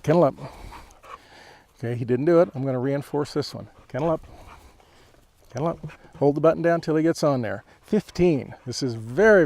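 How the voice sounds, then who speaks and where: Gravelly man training a dog. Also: mid-range voice. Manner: relaxed, chuckling, commanding the dog in short calls. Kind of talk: outdoor training demonstration.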